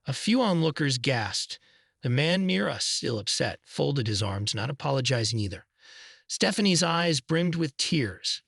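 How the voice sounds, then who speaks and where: A man narrating a first-person story in a measured, scripted way. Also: fairly high pitch, lively intonation, vocal fry, a bit bright, breathy edge, no echo, clean studio sound.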